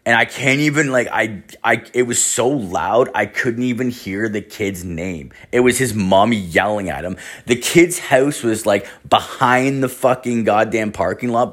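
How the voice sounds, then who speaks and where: A young man casually telling a long story, rambling and swearing, full of "like", and jumping into high voices for the people he quotes. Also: a bit bright. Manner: rambling, swears a lot, fills with "like".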